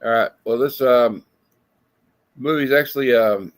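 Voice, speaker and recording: Host: a man chatting loosely about films over a video call, stumbles and fills pauses, mid-pitched. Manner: rambling, lots of fillers. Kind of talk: casual movie review chat. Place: home room with lights.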